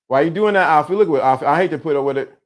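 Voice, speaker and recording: A man hosting a casual livestream, talking to his chat in an animated, teasing way and laughing often. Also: on the high side, very fast. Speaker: livestream host. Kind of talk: casual live-stream chat.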